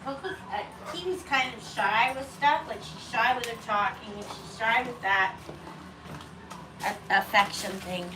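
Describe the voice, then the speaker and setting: A woman's voice: a little slow, noisy background. A woman who hosts a pet bird channel, chatting casually at home and cooing at her birds. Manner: chatty, rambling, coos at her birds in a high sing-song voice. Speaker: parrot owner and channel host. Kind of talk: casual home vlog chat.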